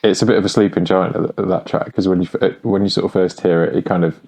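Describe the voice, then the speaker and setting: A podcast host with a very deep, gravelly voice and a dark, mellow tone. He asks his questions in a relaxed, rambling way, with the ease of casual chat. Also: fast. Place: podcast studio.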